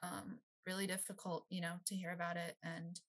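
A woman's voice: on the low side, flat delivery, normal speed, a bit bright, low-quality recording. A woman talking as a guest on a casual podcast, hesitant, with many fillers and light laughs. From Maryland, US. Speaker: guest, youth outreach director.

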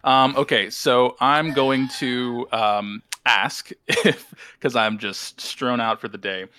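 A man's voice: medium pitch, fairly even intonation, slow, sharp tone. A man playing a tabletop game, joking and laughing, talking hesitantly. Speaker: player. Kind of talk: casual tabletop game play.

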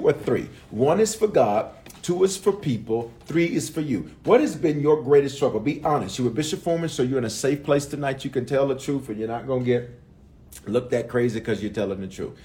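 A man's voice: medium pitch, a little mellow. A man, a bishop, recapping a sermon series live with viewers, repeating phrases for emphasis and calling out people by name.

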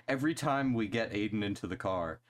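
A young man co-hosting a casual podcast. His voice sits a little low. His manner is relaxed and jokey, with plenty of casual swearing. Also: fairly quick. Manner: laid-back, swears often, laughs easily. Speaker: podcast co-host.

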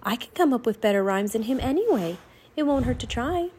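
A woman voicing an eager young girl turned into a raven in a storybook reading, talking in a high, coaxing way. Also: animated, brisk, a little mellow, a little hiss or hum, natural voice.

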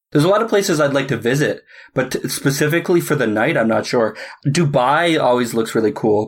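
Hesitant young man from Cape Breton. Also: mid-range voice. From Cape Breton Island, Canada. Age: young adult. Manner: hesitant, giggly, halting. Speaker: podcast guest. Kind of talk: casual chat.

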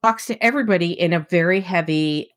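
A woman with a low voice in a casual book chat. She talks animatedly and laughs as she retells scenes. The sound is close and dry. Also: quick pace, dry recording. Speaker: podcast co-host.

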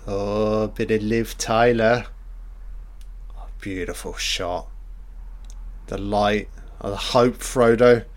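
Excitable man reacting to a film. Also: fairly low pitch, slow, long pauses. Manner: excitable, heavy swearing, reacts aloud to the screen. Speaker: film commentator. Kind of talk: casual film commentary.

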